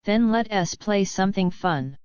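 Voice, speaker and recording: A woman's voice: medium pitch, lively intonation, a little slow, a little mellow, smooth, no echo, close to an everyday voice. A woman voicing a bold, playful boy hero in a storybook, recorded dull and lo-fi. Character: bold cheerful boy hero who loves adventure.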